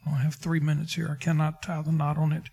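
Man pastor, high-pitched, preaching a sermon and acting out scripture scenes. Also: completely flat delivery, fast talker, vocal fry, mellow, slightly rough, soft background music. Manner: preaching with King James quotes and dramatic retellings.

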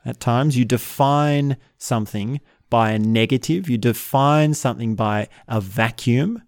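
A man teaching in a slow, reflective way, often repeating short example phrases. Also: mid-range voice, dry recording, clean studio sound. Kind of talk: spoken teaching talk.

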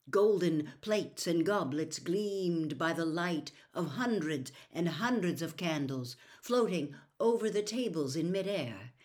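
A woman narrating a children's fantasy novel aloud, expressive and lively. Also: lowish voice. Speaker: storyteller. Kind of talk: audiobook reading.

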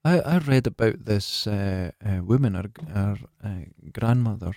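A man co-hosting a casual film review podcast, telling animated stories and jumping into high voices for quotes. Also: measured pace, creaky, no room sound. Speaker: podcast co-host.

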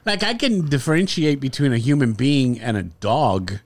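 A man's voice: medium pitch, lively intonation, moderate pace. A man in his forties, a podcast co-host telling blunt, jokey stories and mocking others in put-on voices. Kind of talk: casual podcast banter.

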